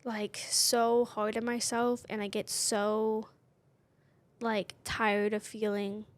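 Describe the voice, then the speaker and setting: A woman in her twenties co-hosts a podcast, chatting casually in a candid, personal way and dropping "like" constantly. Her voice sits in the mid range, and she speaks slowly with a completely flat delivery.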